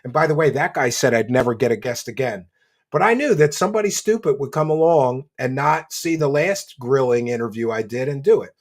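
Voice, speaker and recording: Husky, brash Philly show host. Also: male voice, medium pitch, brisk. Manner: brash, mocking, swears casually. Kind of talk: casual livestream chat reading donations.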